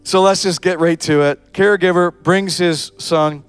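A man preaching a sermon in an animated way, acting out short scenes with changing voices. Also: high-pitched, moderate pace, hardly any pauses, clear, resonant tone, no room sound, faint music behind. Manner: animated preaching, acts out voices of parents, children and Jesus. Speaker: pastor.

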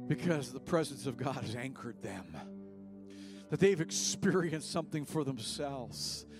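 A man preaching a sermon as pastor, moving between hushed and raised passages. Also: on the high side. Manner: impassioned, swings from hushed to raised. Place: church service.

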